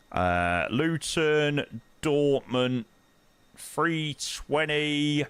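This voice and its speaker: A young man chats through a flight-sim stream with a lively, bouncing pitch and an unhurried pace. He slips in slangy banter as he reads chat and plans the next leg. His voice sounds dry and close, with no room around it. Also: clear, resonant tone, no room sound. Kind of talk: casual live-stream chat.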